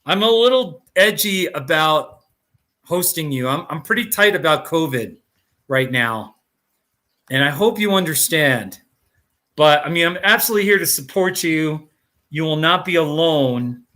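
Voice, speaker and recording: A man's voice: on the high side, animated, a little slow, pushed and bright. A man hosting a live stream in casual chat, rambling and jokey, laughing often and restarting his sentences.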